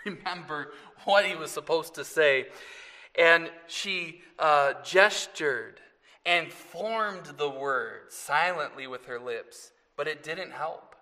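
A man preaching a Mother's Day sermon to his congregation, earnest and often rising loud on scripture, with asides to the listeners. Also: on the high side, big-room sound. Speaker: pastor.

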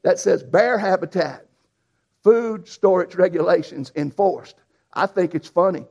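A preacher who tells a folksy, animated story in a sermon. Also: male voice, high voice, unhurried, gravelly. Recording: dull lo-fi sound.

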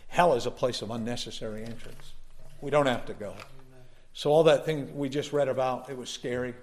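A man's voice: mid-range voice, fairly even intonation, a little fast, darkish tone. A male pastor delivering a sermon, telling a personal story in a folksy way and building up to emphatic preaching.

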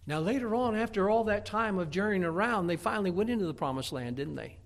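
Male preacher, high voice, storytelling sermon with acted voices, loud swells and hushed drops. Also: expressive, fast.

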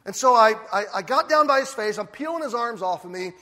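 An older man preaching a sermon as a lively storyteller who acts out the scenes he describes. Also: very high-pitched, a little fast. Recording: long hall reverb.

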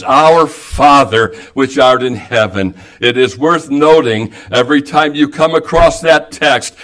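Male preacher, evangelical sermon, slow deliberate delivery, emphatic, scripture-quoting. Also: medium pitch, a bit bright.

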